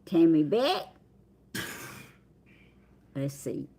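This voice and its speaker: Extremely slow and low, with a dark, breathy tone and huge swings in pitch, this voice belongs to a middle-aged woman from the Southern United States. She hosts a livestream, casually chatting and greeting viewers by drawling out their names.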